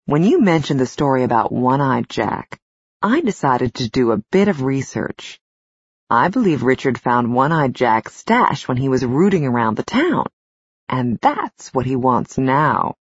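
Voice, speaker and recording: A woman's voice: extremely low pitch, big pitch swings, measured pace, slightly rough, dry recording, full character voice. A woman narrator voicing a confident man who explains a theory to friends. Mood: assured. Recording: slightly dull, dry studio recording.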